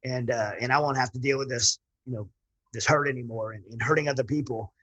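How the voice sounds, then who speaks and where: A man's voice: mid-range voice, fairly even intonation, fast talker, fairly bright tone, low-quality recording. A man, a military veteran guest, telling his personal story in an earnest, rambling way with frequent restarts.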